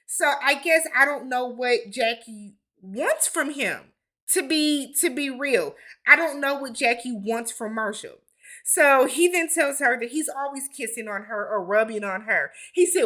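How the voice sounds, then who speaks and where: A woman hosting a casual reality TV recap, with blunt, animated commentary and slangy asides. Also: sits high, measured pace. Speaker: TV recap host.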